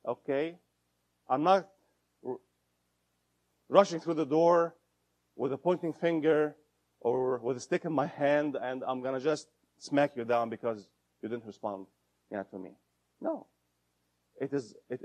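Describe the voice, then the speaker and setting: A man's voice: medium pitch, a little slow, long pauses, darkish tone, lo-fi sound. A man giving an interactive lecture, repeating his points and asking the audience questions as he goes. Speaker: instructor.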